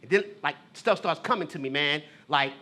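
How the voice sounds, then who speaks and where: Guy with a high bright voice doing a spoken-word style story, casual and slangy, kind of raw and halting. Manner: casual street talk, addressing a brother with "bro" and "man"; emotional, confessional, halting. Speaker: theater artist and poet. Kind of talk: theatrical storytelling monologue.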